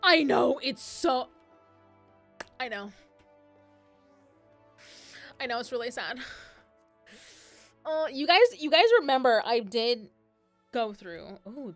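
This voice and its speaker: A woman's voice: on the high side, a bit bright. A young woman streaming a game, chatting casually, gushing and swearing, laughing often.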